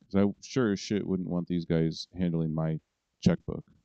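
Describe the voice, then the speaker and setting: A man's voice: low voice, steady tone, unhurried, warm tone, clean tone, no echo. A man in a rambling, profane political monologue, ranting to his viewers. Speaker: vlogger. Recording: dull lo-fi recording, dry.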